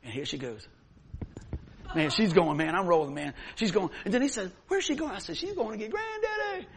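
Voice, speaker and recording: High-voiced animated pastor. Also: male voice, a little fast, slight background noise. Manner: animated storytelling with sudden loud whoops. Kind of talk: sermon.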